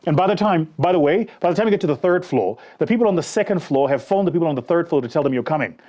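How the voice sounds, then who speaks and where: Animated, mellow-voiced male motivational speaker. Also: on the high side, very fast. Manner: animated, addresses listeners directly, acts out dialogue. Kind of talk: motivational storytelling talk.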